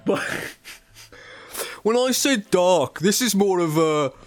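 A man's voice: high-pitched, animated, extremely slow. A man playing a tabletop game, joking around with giggly, casual banter. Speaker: player.

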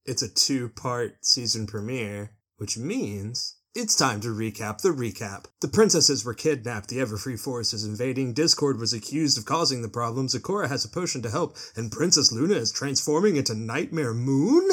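Wry male co-host, animated pitch. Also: normal speed, hardly any pauses. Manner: wry, joking asides. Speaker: podcast co-host. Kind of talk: casual episode recap chat.

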